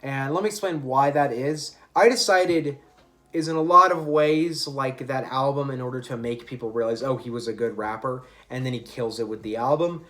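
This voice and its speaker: A man's voice: medium pitch, normal speed, bright, forceful tone. A man casually reviewing an album, opinionated and chatty, often correcting himself mid-sentence. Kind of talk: casual music review monologue.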